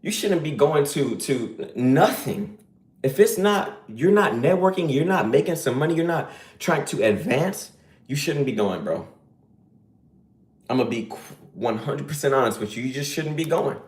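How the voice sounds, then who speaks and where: A man's voice: on the high side, expressive, normal speed, reverberant. Man ranting emphatically on a live stream. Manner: preachy, emphatic, slangy. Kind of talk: casual live-stream rant.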